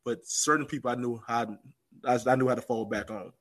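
A man telling a story as a podcast guest, animated, and repeating phrases for emphasis. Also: mid-range voice, a little fast. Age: adult with children. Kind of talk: casual storytelling.

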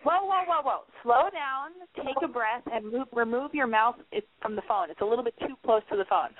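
A woman's voice: a little high, animated, normal speed, few pauses, no echo. A young woman hosting a call-in advice show, talking bluntly with lots of swearing and rambling asides. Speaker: call-in radio advice host. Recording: phone-line quality, dry.

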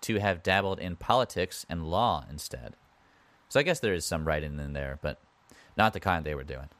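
A man's voice: low-pitched, lively intonation, a little fast, a bit bright, dry recording. A man hosting a podcast, retelling history in a casual way with wry asides and conversational comments. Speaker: podcast host.

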